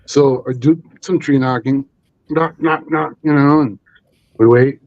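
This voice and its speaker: A man's voice: mid-range voice, fairly even intonation, unhurried, dry recording, dull audio. A man telling a story as a guest on a live stream, rambling with many fillers and restarts. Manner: rambling, full of 'you know' and restarts.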